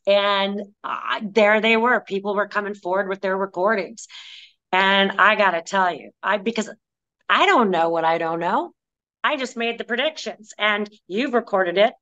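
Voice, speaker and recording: A woman clairvoyant being interviewed, telling stories in a lively way and acting out the voices she quotes. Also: mid-range voice, normal speed, highs cut off. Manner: animated storyteller, acts out quoted voices. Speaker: clairvoyant guest. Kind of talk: conversational interview.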